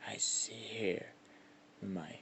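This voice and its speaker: A stern, foul-mouthed father god of mythical creatures, as a storytelling man puts him on, scolding slowly with curses. The voice sits fairly low and speaks at an unhurried pace. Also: creaky, a bit bright, husky, heavily acted. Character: commanding male god of mythical beasts, stern and crude.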